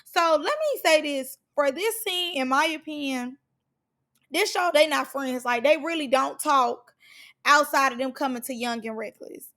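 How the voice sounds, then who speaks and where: A woman's voice: sits high, a little slow, fairly bright tone. A woman recapping a reality show in casual, slangy speech, stressing points by repeating words.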